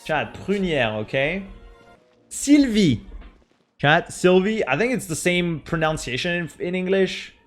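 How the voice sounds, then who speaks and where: A young French streamer with a French accent chats casually with viewers, reading their names aloud and laughing at them as he sounds them out. His high male voice has lively intonation at normal speed with few pauses, over soft background music.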